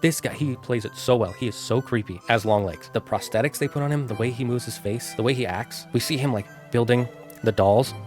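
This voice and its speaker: A man giving an unscripted, rambling and animated retelling of a horror film. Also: mid-range voice, a little fast, soft background music. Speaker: streamer.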